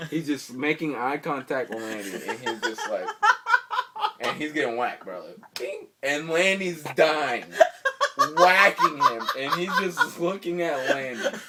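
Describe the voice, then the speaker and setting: A man's voice: fairly high pitch, far from the mic, noisy background. A young man telling a story to his friends in slangy casual talk, laughing as he goes. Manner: animated, slangy, often laughing mid-story. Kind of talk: casual anecdote among friends.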